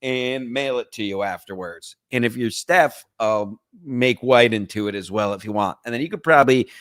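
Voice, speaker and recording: A man's voice: medium pitch, moderate pace, a bit bright, no echo, clean studio sound. Crude rambling male podcast host. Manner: crude, rambling, joking banter with chat. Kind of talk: livestream chat reading.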